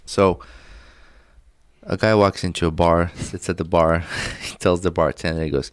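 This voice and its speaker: A man's voice: sits low, steady tone, moderate pace, clean tone, dry recording. A man co-hosting a podcast, telling stories in casual chat, laughing through them and swearing freely. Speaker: podcast co-host.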